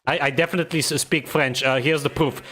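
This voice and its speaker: Young guy w a vague eastern european accent streaming a game, bright tense voice, rambles and cracks jokes. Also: a little high, fairly even intonation, fast talker. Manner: rambling, joking, laughs often. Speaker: gaming streamer. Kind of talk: casual live gameplay commentary.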